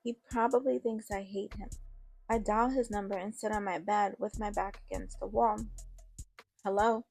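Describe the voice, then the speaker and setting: Creaky-voiced woman narrating a story. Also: mid-range voice, fairly even intonation, moderate pace, a little mellow, faint music behind. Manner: casual, conversational. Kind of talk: first-person story narration.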